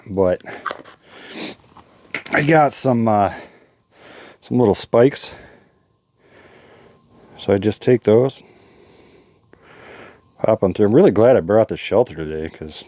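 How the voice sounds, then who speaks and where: A man's voice: lowish voice, warm tone, no echo. A man hosting a fishing vlog in casual, enthusiastic chat, a bit out of breath. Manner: enthusiastic, chatty. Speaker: fishing vlogger. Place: inside an ice fishing shelter.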